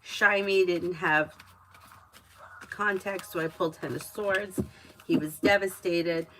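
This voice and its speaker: A woman doing tarot readings on a home live stream, talking in a chatty, giggly way. Her voice sits fairly low, with a faint hiss of noise behind it. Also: takes it slowly, rough recording. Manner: chatty and giggly, lively storytelling. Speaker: tarot reader.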